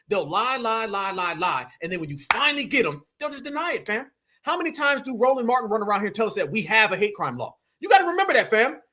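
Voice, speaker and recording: A man's voice: very high voice, bright, forceful tone. A man hosting a political livestream, talking in a heated, preachy, mocking way and calling his listeners "fam".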